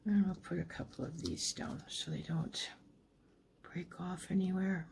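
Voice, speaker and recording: Low, gravelly-voiced woman crafting casually. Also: fairly even intonation, a little slow, slight background noise. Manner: rambling, self-deprecating, drifts into soft near-whispers while working. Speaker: crafting channel host. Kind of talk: casual crafting talk-through.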